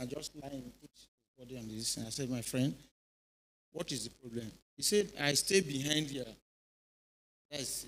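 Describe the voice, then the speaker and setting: A man's voice: mid-range voice, breathy edge, rough recording. A middle-aged Nigerian man, a former police officer, telling stories to a youth audience and often checking that they are following. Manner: animated storytelling, keeps checking in with listeners. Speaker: retired police officer speaking at a youth event. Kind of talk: informal speech to a youth audience. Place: church hall.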